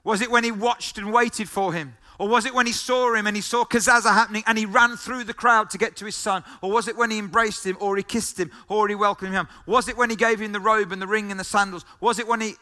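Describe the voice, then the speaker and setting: A man delivers a sermon in a high, ringing voice. He keeps circling back to the same phrases and throws questions at the listeners. His tone stays bright and forward. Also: steady tone, quick pace, few pauses. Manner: emphatic, repeats key phrases, asks the listeners questions. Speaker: pastor.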